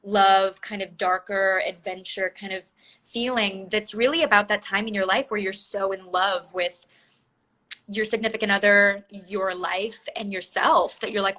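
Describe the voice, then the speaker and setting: A young woman speaks over a phone video call as a guest. Her voice is bright and clear, and she talks in loose, rambling sentences full of filler words. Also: medium pitch, fairly even intonation, a little slow, rough recording. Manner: chatty, lots of filler words. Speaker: interview guest. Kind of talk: casual video-call interview.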